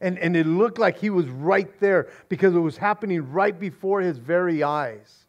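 Man, pastor, sermon, high voice, excited, repeats himself. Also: moderate pace, dull audio. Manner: excited, repeats words, says "man" a lot. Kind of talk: expository sermon.

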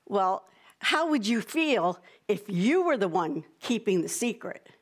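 A woman's voice: medium pitch, big pitch swings, unhurried. A woman pastor in a church sanctuary, leading a prayer and giving a playful, coaxing children's sermon.

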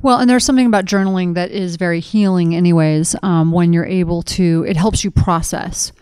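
A woman's voice: lowish voice, fairly even intonation, brisk, darkish tone, clear, resonant tone, no echo. A middle-aged woman co-hosting a podcast in casual conversation, telling stories with animation and acting out quoted dialogue. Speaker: podcast co-host.

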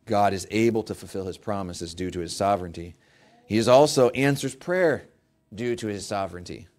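With a lowish voice at a moderate pace, this male preacher gives an emphatic sermon that climbs to forceful high points. He dramatizes quoted prayers in a mock-pleading tone.

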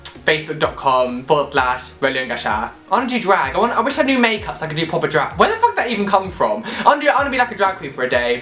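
A young man vlogging casually, gushing and excitable and swearing freely. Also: a little high, reverberant. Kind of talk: casual vlog chat.

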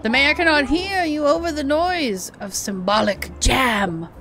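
A woman voicing a lazy, self-important male cat mayor with a low, grand, sleepy manner, reading game dialogue. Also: animated, measured pace, fairly bright tone, slight background noise, exaggerated voice. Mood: pompous, drowsy.

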